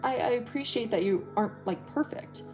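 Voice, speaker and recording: A woman's voice: fairly high pitch, a little fast, over music, pitched above the performer's own voice, natural voice. A woman voicing a shy, stammering young girl. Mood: hesitant. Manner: hesitant, stammering.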